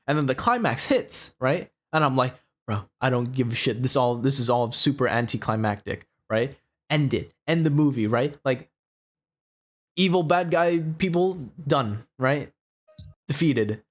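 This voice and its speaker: A man's voice: mid-range voice, animated, normal speed. A young man co-hosting a podcast, telling a long story in a rambling, profane way full of "you know" and "right?". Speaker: podcast co-host. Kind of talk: casual storytelling chat.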